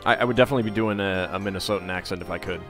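A man hosting a game playthrough, joking casually and reading item text aloud with excited bursts. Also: low voice, very fast, soft background music. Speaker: let's play host.

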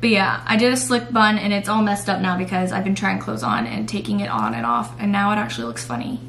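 A woman's voice: medium pitch, animated, fast, a bit bright, a little hiss or hum. A young woman vlogging casually at home at night, rambling with lots of fillers and the odd swear word. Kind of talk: casual vlog chat.

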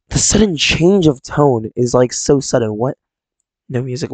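A young man giving casual commentary on a horror game, blurting out reactions and nervous laughs, close to a loud new mic. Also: mid-range voice, expressive, unhurried, no room sound. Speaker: gaming channel creator. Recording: dry close mic, faint game music.

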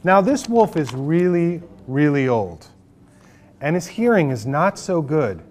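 A man's voice: on the high side, a little slow. A man, a children's book author, reading his picture book aloud to an audience of children in a library, leading them in call-and-response. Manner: animated, leads call-and-response with the kids. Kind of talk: live storybook reading to children.

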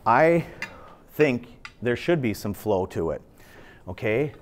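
This fifties-aged pool instructor speaks slowly and expressively at a medium pitch, with slight noise around him in the billiard club. He gives a relaxed, sincere lesson, repeating himself as he shows his stroke.

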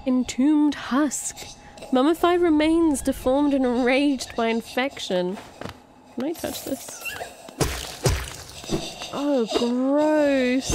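A woman giving casual, excitable commentary as she plays a game, gasping and swearing at enemies. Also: high voice, slow, long pauses, noisy background. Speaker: gaming streamer. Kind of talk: casual let's-play commentary. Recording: game music playing behind. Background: game music.

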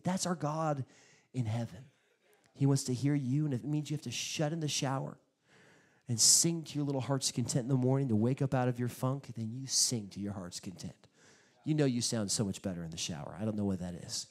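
A male pastor preaching a sermon, telling stories in an animated way, acting out quotes and bursting out loudly at times. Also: medium pitch, brisk. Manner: animated storytelling with sudden loud bursts; acts out quotes in his stories.

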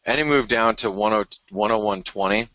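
A man's voice: on the low side, brisk, bright, forceful tone, no echo, low-quality recording. A male trading show host talking through market charts in a loose, rambling way with many fillers and restarts, tired and yawning early in the morning. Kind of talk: live market chart analysis.

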